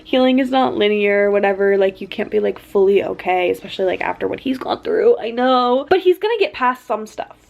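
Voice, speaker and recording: A woman's voice: medium pitch, animated, a little fast, vocal fry, few pauses, muffled recording. Gushing young woman talking books. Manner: gushing and flustered, heavy use of "like". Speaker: book vlogger. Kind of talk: excited casual book chat. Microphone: camera mic.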